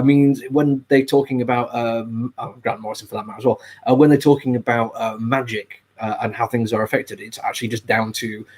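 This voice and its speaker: A man talks casually through a comic book review. His voice is a little husky and sits at an everyday middle pitch. He rambles eagerly, scattering ums and uhs as he goes. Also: darkish tone.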